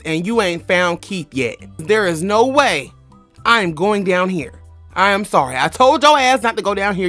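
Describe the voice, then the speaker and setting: A woman retelling a horror film plot in a casual, animated, slangy and profane way, dropping into quick character voices. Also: mid-range voice. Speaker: movie review vlogger. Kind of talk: casual movie recap.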